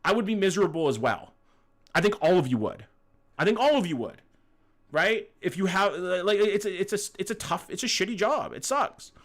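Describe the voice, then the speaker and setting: A man's voice: high-pitched, expressive, moderate pace, fairly bright tone. A young Canadian man with a Canadian accent, streaming and chatting casually, blunt and swearing freely while answering his chat.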